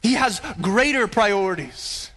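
A pastor delivering a sermon in an earnest, emphatic way, full of rhetorical questions. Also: male voice, high voice, animated, unhurried, a bit bright.

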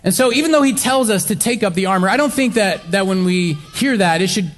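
High-voiced man preaching a sermon. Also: expressive, fairly quick, long reverb tail. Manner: conversational preaching with fillers and restarts. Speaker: pastor.

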